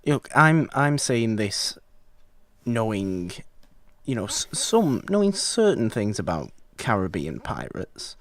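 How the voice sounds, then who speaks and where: A man's voice: lowish voice, very animated, slow. A man co-hosting a podcast about films, chatting casually in a rambling, wry way with many self-corrections. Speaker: podcast co-host. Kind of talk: casual film chat.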